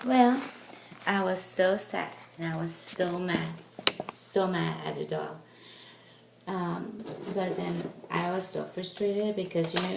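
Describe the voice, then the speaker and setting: A woman's voice: fairly low pitch, creaky. A woman vlogging casually at home into a camera mic, chatty and exasperated as she rants. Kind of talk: casual product vlog. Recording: echoey room with background noise.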